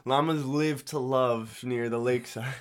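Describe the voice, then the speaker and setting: A man's voice: medium pitch, steady tone, a little slow. A man co-hosting a podcast in casual chat, joking and laughing often. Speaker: podcast co-host. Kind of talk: casual chat, blooper reel.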